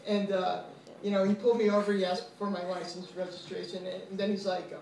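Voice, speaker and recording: A man's voice: high voice, level tone, a little fast, darkish tone. A man in his twenties, a law student, doing casual and profane stand-up comedy with lots of fillers at an open mic. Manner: casual, profane, self-deprecating delivery with many fillers. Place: small comedy venue with live audience. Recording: echoey room from far off, noisy.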